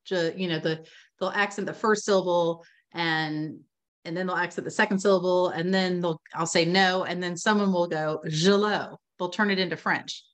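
A chatty woman on a video call, her voice sitting on the lower side. She talks in an animated, storytelling way, peppered with fillers. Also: a little fast. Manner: chatty, lots of "you know" and "like", animated storytelling. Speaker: reading instruction expert. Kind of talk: casual webinar conversation.

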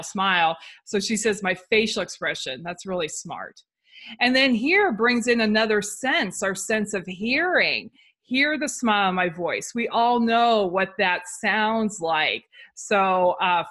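A woman gives warm, encouraging feedback on a short written piece while thinking aloud. She often pauses and restarts her sentences. Her voice has a bright, forward tone. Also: mid-range voice. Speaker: writing coach. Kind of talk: reading aloud and critiquing a writing entry.

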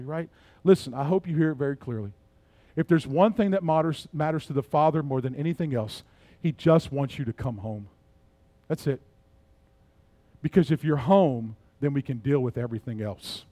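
A middle-aged male pastor preaching a sermon, swinging between soft, low passages and loud, emphatic ones. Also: no echo.

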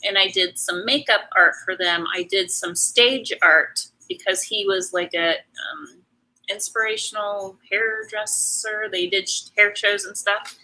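Woman, middle-aged, casual chat, unhurried, bright voice, rambling, lots of ums. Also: mid-range voice, steady tone, low-quality recording. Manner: chatty, rambling, answers viewer comments, many ums and restarts. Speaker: artist hosting a live painting stream. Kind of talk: casual chat while painting.

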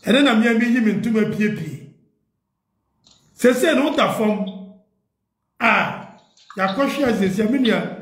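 In an echoey room, a high-voiced Ghanaian man makes a heartfelt, pleading appeal to party leaders in Twi peppered with English. He's animated but a little slow, leaving long pauses.

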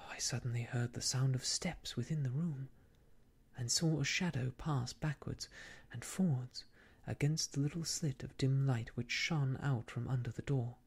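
A man reading a classic tale aloud in soft, hushed, whispered ASMR storytelling. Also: medium pitch, vocal fry, husky.

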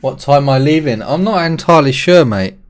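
A man's voice: on the high side, a little fast. A man, a streamer giving loose live gameplay commentary, swearing often and chatting with his viewers. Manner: excitable, swears a lot, chats with viewers.

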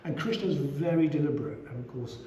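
A middle-aged man leading a relaxed scripture class, chatty, with many asides and repeated "you know"s. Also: fairly high pitch, fast talker. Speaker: scripture teacher. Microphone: small action camera. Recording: roomy room, faint background hum.

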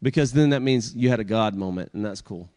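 A man's voice: on the low side, fairly quick, darkish tone. Earnest man preaching a sermon. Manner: earnest, with pointed rhetorical questions. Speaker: guest preacher. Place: church service.

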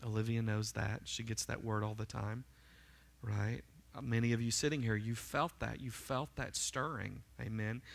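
A man's voice: mid-range voice, vocal fry, fairly bright tone. A man preaching a sermon as pastor to his congregation, emphatic and fervent, often checking in with "right?" and "amen?". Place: church sanctuary.

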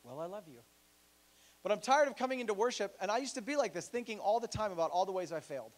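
A male pastor preaching a sermon in a church, animated and joking, acting out the voices he quotes. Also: high-pitched, quick pace.

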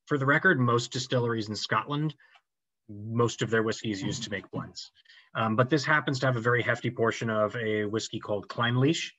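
A man's voice: fairly low pitch, pushed and bright, dry recording. Male tasting guide, talky and informed, on a dry, dull-sounding video call. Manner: knowledgeable, conversational. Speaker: whisky tasting presenter. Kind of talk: informal explanatory talk.

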